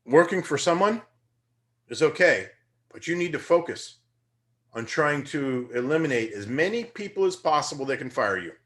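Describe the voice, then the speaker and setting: A man's voice: a little high, normal speed. Upbeat man giving a motivational talk. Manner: energetic, conversational, rising to emphatic bursts. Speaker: teacher. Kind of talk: motivational lecture.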